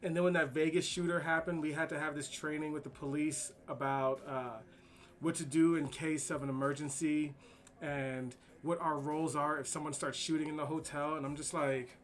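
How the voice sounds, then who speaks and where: A man's voice: a little high, little pitch movement, moderate pace. A man casually telling rambling, profane, slang-heavy stories while he draws. He mentions having kids to get home to. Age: adult with kids. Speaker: streamer. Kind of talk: casual storytelling while drawing.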